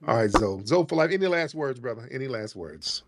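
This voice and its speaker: A man hosts a live call-in talk show at a middle pitch. He talks emphatically and repeats his lines over and over to hammer each point home. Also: expressive, brisk, very noisy. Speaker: host.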